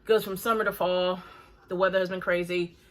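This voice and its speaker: A woman's voice: fairly low pitch, level tone, a little fast, a bit bright. A woman in her forties hosting a reaction video, talking bluntly and critically in casual chat while breathing hard. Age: 40s.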